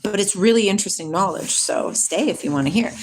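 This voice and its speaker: A woman's voice: mid-range voice, lively intonation, fast talker, darkish tone, slight background noise. Giggly woman chatting on a livestream. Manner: giggly, laughs often and drifts into tangents. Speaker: livestream host reading viewer comments. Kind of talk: casual spiritual livestream chat with reading aloud.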